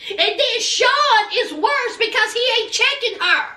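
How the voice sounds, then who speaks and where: A woman's voice: very high voice, animated, unhurried, pushed and bright, reverberant, recorded from a distance. A woman recapping a reality TV episode in a sassy, dramatic, scolding way, full of slang. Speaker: TV recap vlogger.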